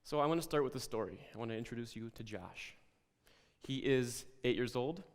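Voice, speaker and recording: A man presents a lesson in a calm, reflective way, guiding listeners through a story. His voice sits at an ordinary middle pitch. A long reverb trails behind every phrase. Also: fairly quick.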